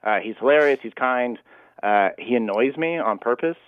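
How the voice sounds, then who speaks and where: A man's voice: medium pitch, lively intonation, normal speed, dry recording. A man telling personal stories as a radio guest, earnest and rambling. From Canada. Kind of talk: radio phone interview. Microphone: phone. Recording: dry, tinny phone line.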